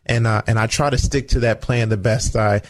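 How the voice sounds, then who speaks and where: There's slight background noise as a former football player co-hosting a radio talk show talks briskly in a mid-range, fairly even voice. Earnest and preachy, he covers faith, family and leadership, acting out little quoted exchanges.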